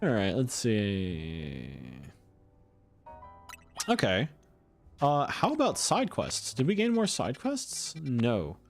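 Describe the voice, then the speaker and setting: A man's voice: medium pitch, wildly swooping pitch, slow, pauses often, soft background music. A man casually commenting while he plays a video game, chatty and thinking aloud. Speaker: streamer.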